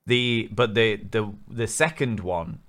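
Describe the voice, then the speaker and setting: Low-voiced, earnest male podcast host. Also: takes it slowly, fairly bright tone. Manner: earnest, rambling, impassioned. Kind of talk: casual interview chat.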